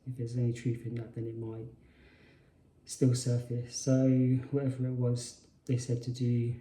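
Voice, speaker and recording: A man's voice: medium pitch, completely flat delivery, normal speed, dark tone, slight background noise. A man telling a personal story in a hesitant way, often restarting and correcting himself. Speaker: spiritual channel host. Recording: roomy echo.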